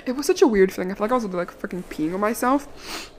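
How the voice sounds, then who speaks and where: A young woman from the Washington, D.C. area telling a casual, animated story, full of "like" fillers and the odd swear word. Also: medium pitch, fast talker, slight background noise. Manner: chatty, animated, lots of "like" fillers, occasional swearing. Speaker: vlogger.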